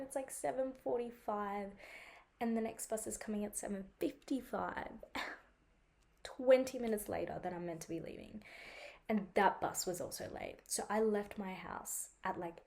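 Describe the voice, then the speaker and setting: A woman's voice: mid-range voice, darkish tone. A young woman records a casual vlog at home, talking in a loose, chatty way. Her throat is sore from a cold, and she swears freely and acts out her own reactions as she goes. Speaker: vlogger.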